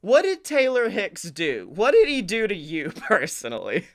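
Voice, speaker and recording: A young man co-hosting a podcast, telling a profane, animated story and acting out the dialogue. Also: high voice, normal speed. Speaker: podcast co-host. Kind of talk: casual comedic chat.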